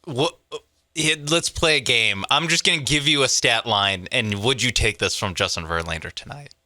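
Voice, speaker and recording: A man's voice: mid-range voice, moderate pace, sharp tone, no room sound, clean studio sound. A man co-hosting a sports talk show, joking and playful in banter. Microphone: studio microphone.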